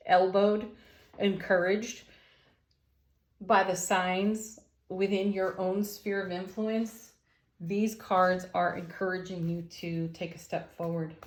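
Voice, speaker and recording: A woman giving a daily tarot reading, gentle and enthusiastic, with affirming words for her viewers. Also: medium pitch, steady tone, slow. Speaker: tarot reader. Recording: roomy echo.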